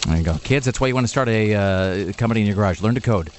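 A man hosting a talk radio show, riffing in quick, sardonic, rambling asides. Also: fairly low pitch, slight background noise. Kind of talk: irreverent talk radio banter. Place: radio studio.

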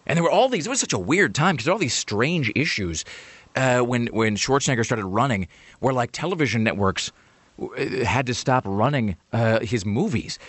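A man's voice: on the low side, dry recording. A man hosting a radio talk show, chatting casually and rambling through stories with many restarts. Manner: rambling, self-interrupting, animated storytelling.

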